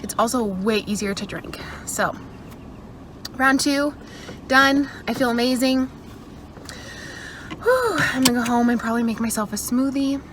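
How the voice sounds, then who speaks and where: A woman's voice: a little high, lively intonation, a little slow, long pauses, noisy background. A woman talking casually to camera in an upbeat, chatty way, filling her talk with "like", worn out and breathing hard between runs. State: tired and out of breath. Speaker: vlogger. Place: at home indoors.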